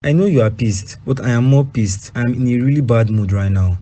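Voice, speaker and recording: A man with a Nigerian accent voicing a violent, jealous boyfriend in a cartoon drama, with a husky voice. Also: medium pitch, fairly quick, dark tone, natural voice. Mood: menacing.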